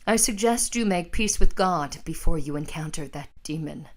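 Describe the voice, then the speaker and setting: A woman's voice: sits low, lively intonation, moderate pace. A woman reading the part of a frightened nun in her sixties, giving grave, urgent warnings. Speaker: actor in a scene reading. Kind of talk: staged script reading.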